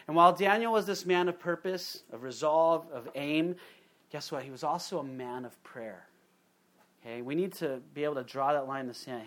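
A middle-aged man preaching a sermon in an animated way, acting out quotes in different voices. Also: mid-range voice, moderate pace. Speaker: pastor.

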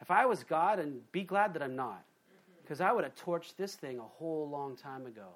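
Male pastor delivering a lively sermon, slightly higher voice, punches key lines and drops low for asides. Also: normal speed. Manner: animated, swings from loud emphasis to quiet asides, acts out quoted voices.

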